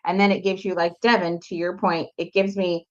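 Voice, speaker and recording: A woman's voice: fairly low pitch, level tone, brisk, dull audio. A woman in casual chat explaining how she tracks her work step by step.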